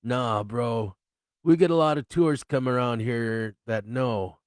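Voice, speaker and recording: A man voicing a laid-back, polite male homeowner with a relaxed way of talking. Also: mid-range voice, a little slow, dry recording, studio quality, natural voice. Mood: easygoing. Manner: relaxed, polite, says "bro".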